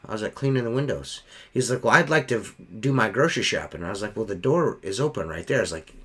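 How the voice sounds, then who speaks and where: A man's voice: lowish voice, animated, fast talker, pushed and bright, slightly rough. A middle-aged man who cleans windows, telling a heated, profane story in casual chat on a podcast.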